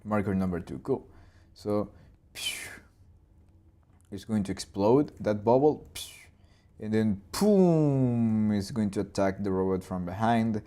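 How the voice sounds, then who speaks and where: An animator and channel host in his twenties or thirties leads a live storyboarding session, talking loosely through his ideas with restarts and boom and plop sound effects. He speaks slowly and warmly, pausing often.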